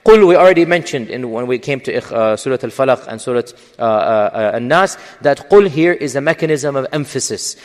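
A man's voice: mid-range voice, expressive, fairly quick, few pauses, in a large hall. A man giving a religious lecture in English, explaining with emphasis and frequent fillers. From English-speaking. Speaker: Islamic lecturer.

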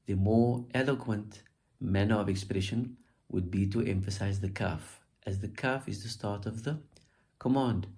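A man's voice: lowish voice, moderate pace, warm tone. A man teaching recitation in a spoken tutorial, patiently repeating syllables aloud to show where the stress falls.

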